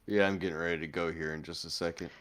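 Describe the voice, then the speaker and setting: A man's voice: sits low, flat delivery, quick pace, a bit bright. A man chatting late at night on a stream, easygoing, telling a story about his kid. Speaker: stream guest, father. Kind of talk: casual late-night chat.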